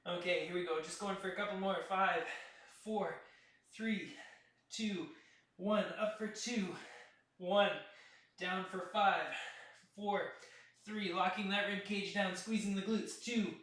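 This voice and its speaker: Bright-voiced man coaching a workout. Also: sits high, takes it slowly, pauses often. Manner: counting out reps, steady coaching cues. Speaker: fitness instructor. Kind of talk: live workout class instruction. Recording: echoey room, voice from a distance.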